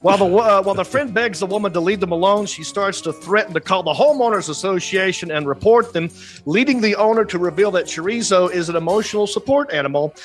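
A man hosting a morning radio show, telling a news story with animated, jokey banter. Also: high-pitched, fast talker, faint music behind. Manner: animated, jokey, acts out quotes in funny voices.

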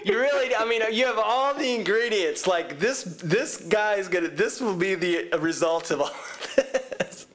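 Male host with a high voice, reflective and teasing. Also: animated, a little slow, a bit bright, slight background noise. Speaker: interview host. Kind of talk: conversational interview.

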